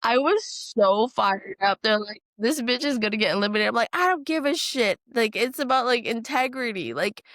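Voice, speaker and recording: A woman from New Orleans, a guest chef telling stories in a casual podcast chat. She swears freely and acts out other people's lines with lively quoting. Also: a little high, normal speed, hardly any pauses, dry recording, studio quality. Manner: animated storytelling, acts out quotes, swears freely.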